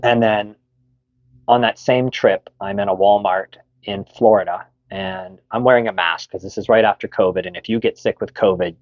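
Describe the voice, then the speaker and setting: A man's voice: lowish voice, steady tone, normal speed, dry recording, dull audio. A middle-aged Canadian man candidly telling a personal story, frank and swearing freely, with many fillers.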